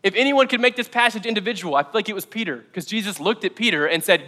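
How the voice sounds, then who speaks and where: High, bright-voiced man preaching. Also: quick pace, hardly any pauses, long reverb tail. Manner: energetic, with joking asides. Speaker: pastor. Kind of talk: sermon. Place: church auditorium.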